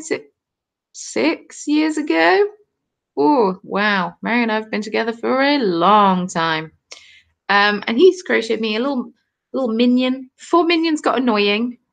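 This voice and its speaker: Chatty southern English woman, slightly gravelly. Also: fairly high pitch. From southern England. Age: 20s. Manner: chatty, reading and answering viewer comments. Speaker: crafting channel host. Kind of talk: casual live-stream chat while knitting. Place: cold home.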